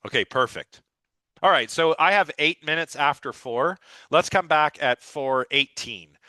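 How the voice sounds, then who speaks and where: A man's voice: fairly high pitch, unhurried, pushed and bright, dry recording. A man lecturing a live philosophy class with eager, rambling enthusiasm, his voice a little scratchy. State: slightly scratchy voice.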